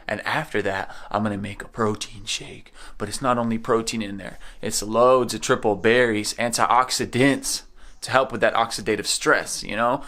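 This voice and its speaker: A man's voice: fairly low pitch, steady tone, moderate pace, a bit bright. A man talking casually and energetically to the camera about his food, repeating words for emphasis. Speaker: food vlogger. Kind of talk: casual vlog chat. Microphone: phone camera.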